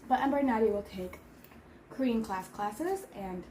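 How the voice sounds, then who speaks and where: A woman's voice: a little high, lively intonation, a little slow, a little mellow, a little hiss or hum. A woman in her thirties chatting casually on a vlog while eating, rambling with lots of filler words. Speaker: vlogger. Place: home in Seoul.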